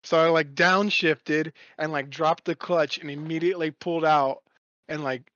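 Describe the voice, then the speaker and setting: A young man with a slightly high voice tells a long story in loose, rambling casual chat, swearing freely as he goes. The sound is dry and a little dull, like a lo-fi recording. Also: steady tone, normal speed, a bit bright, no room sound.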